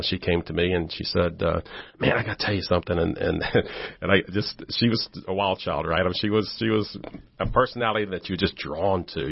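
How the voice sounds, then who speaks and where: Guest storyteller, male, gravelly, acts out quotes, dry close sound. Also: sits low, no echo. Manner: animated storyteller who acts out quoted voices. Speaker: ministry volunteer guest. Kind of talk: casual storytelling interview. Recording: dull lo-fi audio.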